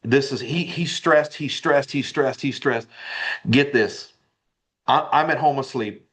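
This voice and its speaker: A mid-pitched man tells a personal story as a podcast guest. He gets excited and repeats phrases, pushing the tale along. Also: a little slow. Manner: animated, repetitive storyteller. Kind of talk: casual storytelling interview.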